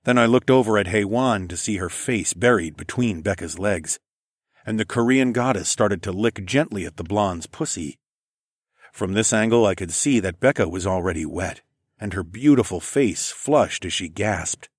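A man narrating a first-person adult audio story in a soft, low-key, murmured voice. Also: lively intonation, normal speed, breathy edge, dry recording, clean studio sound.

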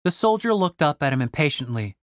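A man narrating an audiobook in a wry, expressive way. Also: a little high, fairly quick, no echo, studio quality.

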